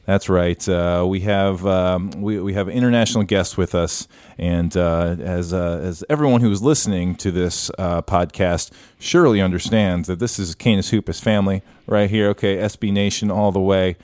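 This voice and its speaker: A man's voice: low-pitched, fairly even intonation, normal speed, a little mellow, smooth, no echo, clean studio sound. A man co-hosting a casual podcast, rambling with lots of fillers and restarts, recorded over an internet call. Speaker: podcast co-host. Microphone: remote call over internet.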